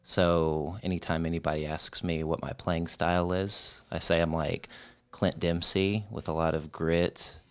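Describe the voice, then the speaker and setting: A man's voice: sits low, flat delivery, unhurried, few pauses, a bit bright, smooth. A man hosting a podcast, asking questions in casual chat with a wry, self-mocking humor. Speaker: podcast host.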